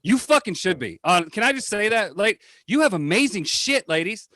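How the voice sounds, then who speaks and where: A brash man tears through a stand-up set with a profane, punchy delivery. His voice sits a bit high for a man. The sound is dry and close, with almost no room in it. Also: sing-song, moderate pace, sharp tone, no echo. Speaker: stand-up comedian. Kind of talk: stand-up routine. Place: home over a video call. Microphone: computer or phone mic on a video call.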